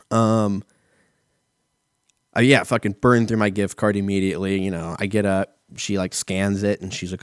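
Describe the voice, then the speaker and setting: His voice on the low side, a man in his thirties tells a rambling, heavily profane everyday story during a casual solo chat, with lots of "like" and "you know." The audio is clean studio sound without echo.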